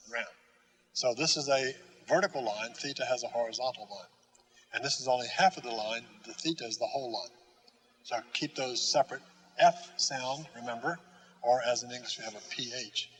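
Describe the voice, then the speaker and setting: A man teaching a lesson at a slow, patient pace, pausing often with fillers and demonstrating sounds and letter strokes. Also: mid-range voice, fairly bright tone, rough recording. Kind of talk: classroom lesson.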